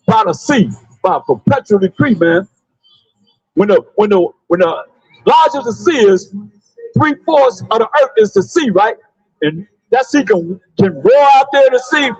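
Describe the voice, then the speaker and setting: A man preaching loudly outdoors on a city sidewalk, calling out verses for a reader to read. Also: very high-pitched, no room sound, dull audio. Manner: loud, preachy, calls on a reader and repeats the verses. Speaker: street preacher. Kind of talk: open-air street preaching.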